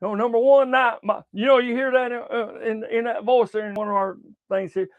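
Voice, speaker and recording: Older guy, high voice, dry close sound, cussing sports talk host. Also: steady tone, a little fast, no room sound, phone-quality sound. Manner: profane, repetitive, stumbling restarts. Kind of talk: casual rambling sports talk.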